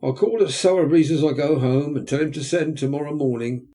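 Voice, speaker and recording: A man's voice: a little high, brisk, warm tone, pitched above the performer's own voice, lightly acted. A man voicing a pompous middle-aged parish beadle who woos in an unctuous, courting manner. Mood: wooing.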